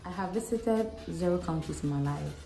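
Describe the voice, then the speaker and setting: A young woman from Ghana, answering questions in a casual vlog with a frank, animated, self-mocking manner. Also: lowish voice, normal speed, gravelly. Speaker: vlogger. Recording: echoey room with faint music.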